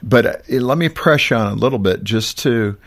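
A man's voice: medium pitch, fairly quick, a bit bright. A man hosting a faith talk show, asking probing questions with many fillers. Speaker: host.

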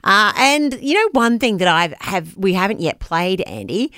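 A woman's voice: mid-range voice, sing-song, normal speed, sharp tone, dry recording. A woman co-hosting breakfast radio in a studio, bubbly and playful in casual banter. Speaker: radio co-host.

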